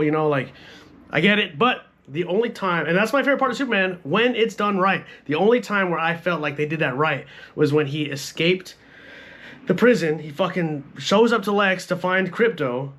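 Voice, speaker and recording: A fairly high-voiced young man riffs through a film review in loose, unscripted speech, sprinkling in swearing and constant "like"s. His tone stays blunt and conversational, the way a channel host talks straight to his viewers. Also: expressive, brisk, fairly bright tone. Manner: profane, blunt, repeats "like" and "bro". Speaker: movie reviewer. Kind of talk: casual film review rant.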